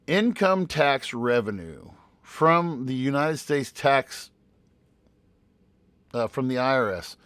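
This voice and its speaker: A teacher co-hosting a laid-back podcast, this man has a medium-pitched voice captured in a dry recording. He rambles and keeps restarting whenever he reads out figures.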